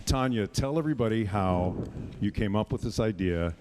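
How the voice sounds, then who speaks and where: A man hosting a live radio interview, friendly and a little halting as he asks questions. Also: fairly low pitch, animated, noisy background. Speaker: radio host. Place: resort hotel on location.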